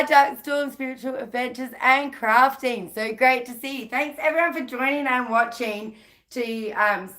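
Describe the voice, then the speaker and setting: A woman's voice: mid-range voice, a bit bright. A woman with an Australian accent hosting a casual live stream, chatting freely, laughing often and greeting viewers by name.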